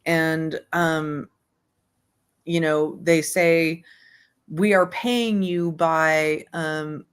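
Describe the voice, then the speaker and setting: A woman hosts an online book club in a low voice. She reads passages aloud, then talks about them frankly and ramblingly, full of fillers and the odd curse. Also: fairly even intonation, drawn-out words, smooth. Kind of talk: reading aloud and casual book discussion.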